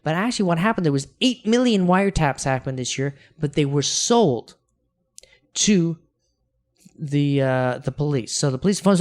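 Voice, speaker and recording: A man's voice: fairly high pitch, normal speed. A man co-hosting a casual podcast, telling stories with lots of energy, acting out quotes and restarting his sentences. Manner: animated storyteller, acts out quotes, many restarts. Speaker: podcast co-host.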